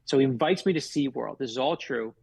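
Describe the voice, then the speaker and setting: A man's voice: medium pitch, brisk, creaky, darkish tone, slightly rough, no room sound. A middle-aged man from Florida, an author guest telling stories in a radio interview with heartfelt, emphatic delivery. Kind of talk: earnest storytelling in a radio interview.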